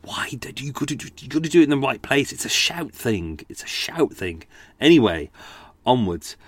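A man's voice: mid-range voice, big pitch swings, moderate pace, dry recording. A man, hosting a casual podcast chat, rambling with lots of asides while reading out old letters. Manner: rambling and chatty, with many fillers and asides. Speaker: podcast host.

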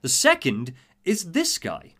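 A lively storyteller whose pitch swoops up and down as he walks his friends through a game's plot. He keeps it loose and jokey, the way a man talks among friends. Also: takes it slowly, breathy edge. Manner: animated, jokey, swears. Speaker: podcast host recapping a game story. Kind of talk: casual chat, storytelling recap.

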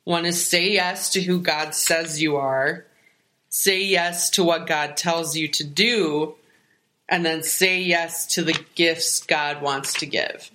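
A woman in casual chat, retelling a sermon with sarcastic, animated asides and laughter. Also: sits low, slow pace.

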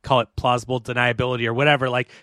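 A man of middle pitch hosts a podcast interview, thinking out loud in long, rambling turns. His voice is recorded close and dry, with no room sound. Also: level tone, rapid-fire, dry recording. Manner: rambling, with restarts. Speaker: podcast host.

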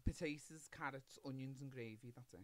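A man with a Liverpool accent, a podcast guest in casual chat, crude and animated. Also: medium pitch, brisk.

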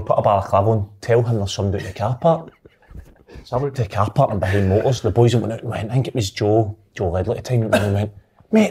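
A man's voice: lowish voice, a little mellow, husky. A man telling a cheeky prank story in casual chat, with plenty of swearing.

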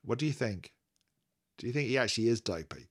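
A man's voice: mid-range voice, animated, quick pace, slightly rough. A man co-hosting a podcast in casual chat, joking and teasing, often laughing. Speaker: podcast co-host.

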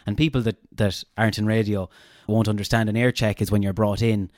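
A man with a Castlebar Irish accent hosting a casual interview and telling anecdotes in a relaxed, chatty way. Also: fairly low pitch, fairly quick, no echo, studio quality. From Ireland, Castlebar. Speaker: podcast host.

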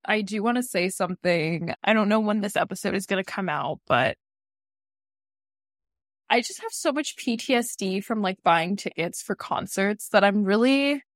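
A woman's voice: medium pitch, moderate pace, dry recording, clean studio sound. A woman co-hosting a casual podcast chat, rambling with lots of "like"s and laughing often. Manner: giggly, rambling with many "like"s. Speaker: podcast co-host.

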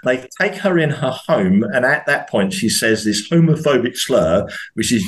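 A UK man guesting on a podcast talks at a moderate pace with few pauses and a medium pitch. The chat is casual and animated, full of hesitant restarts and questions that rise sharply in indignation.

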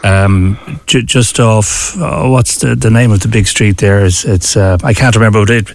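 A man's voice: lowish voice, fairly even intonation, normal speed, no room sound. An Irish man hosting a chatty radio segment, telling stories with an easy manner. The recording is dry and close, with little room sound. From Ireland. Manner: chatty, tells anecdotes with easy laughs. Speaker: radio host. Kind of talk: casual radio chat.

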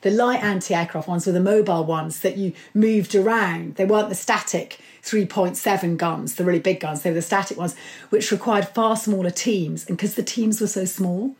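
A middle-aged woman being interviewed about her book, telling stories with lively enthusiasm. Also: mid-range voice, moderate pace. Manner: enthusiastic, animated storytelling. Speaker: author and guest. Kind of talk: conversational interview.

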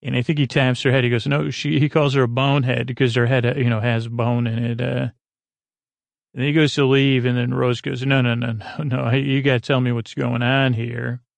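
A man recapping a TV episode in a halting, rambling way, full of fillers and restarts, speaking softly. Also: medium pitch, little pitch movement, creaky, no room sound. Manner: halting, many fillers and restarts, paraphrasing dialogue. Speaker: podcast host.

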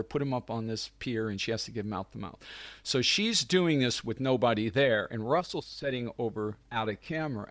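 Middle-aged male director as guest, mid-range voice, lively storyteller, dry close mic. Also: mid-range voice, no echo. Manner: animated, acts out quoted people, laughs often. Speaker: guest, film writer and director. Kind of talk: casual anecdotal storytelling.

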